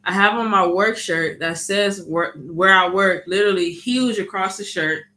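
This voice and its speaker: Woman vlogger, casual storytime, animated, bright tone, acts out quotes. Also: mid-range voice, normal speed. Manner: animated storytelling, frequent "you know what I mean".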